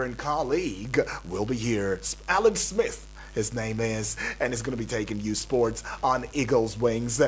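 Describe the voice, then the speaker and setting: A man with a Nigerian accent hosting a breakfast radio show, hyping up listeners with repetitive, energetic patter from the studio. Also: medium pitch. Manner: hype-building, repetitive, calls out to listeners.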